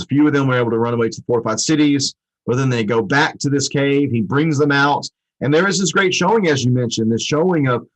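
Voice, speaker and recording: A man's voice: mid-range voice, poor audio. A man co-hosting a Bible study show, explaining a passage in a rambling, conversational way with many restarts.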